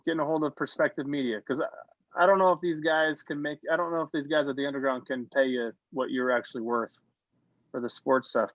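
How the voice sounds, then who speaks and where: A man running an online class who talks in quick, encouraging bursts and keeps offering to connect people. His voice sits a little high and sounds dry and close. The video call line is muffled and lo-fi. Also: no room sound. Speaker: class leader.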